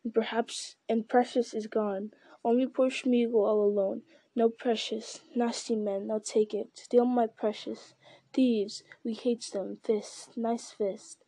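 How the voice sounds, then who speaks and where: A wretched, greedy male creature hisses and whispers his wheedling mutterings, put on by a woman reading aloud. The voice is mellow and a little high. It is recorded dry and close. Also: fairly even intonation, takes it slowly, dry recording. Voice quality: hissing, whispery. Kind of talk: audiobook narration.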